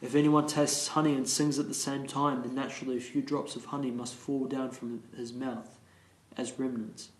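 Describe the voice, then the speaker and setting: A man leading a morning class, reading scripture aloud slowly and carefully and explaining it, restarting some verse words. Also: medium pitch, flat delivery. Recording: roomy echo.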